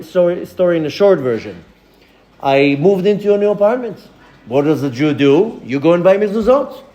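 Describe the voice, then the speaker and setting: Man, rabbi, high voice, animated storyteller, lecture, acts out dialogue.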